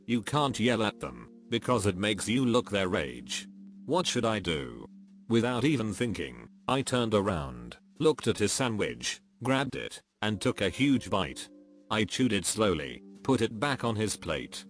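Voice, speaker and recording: A man's voice: on the low side, sing-song, unhurried. A man narrating a series of short anecdotes in a scripted, story-reading manner. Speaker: narrator reading Reddit posts. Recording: faint background music.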